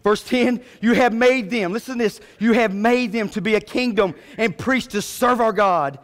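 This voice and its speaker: High-voiced preacher in a church. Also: male voice, normal speed. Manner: preaching with swings from low murmurs to loud high calls. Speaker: pastor. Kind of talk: sermon. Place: church sanctuary. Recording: long church reverb.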